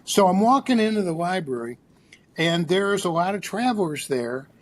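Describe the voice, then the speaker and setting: A man with a fairly high voice is telling stories as a podcast guest. He is animated, tells anecdotes, and restarts his sentences often as he goes. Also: moderate pace. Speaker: psychologist and author, guest. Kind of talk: storytelling in a podcast interview.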